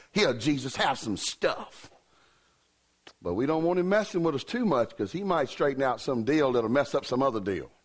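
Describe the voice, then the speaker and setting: A man, a revival preacher telling a joke story in a folksy, joking way. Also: a little high. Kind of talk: humorous sermon storytelling.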